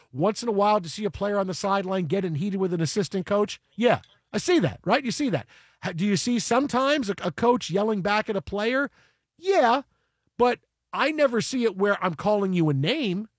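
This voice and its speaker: A man hosts a sports talk show with a husky, fairly high voice. He argues emphatically, circling back and repeating himself to drive the point home. The sound is dry and close. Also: expressive, normal speed, no room sound. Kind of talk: casual sports radio chat.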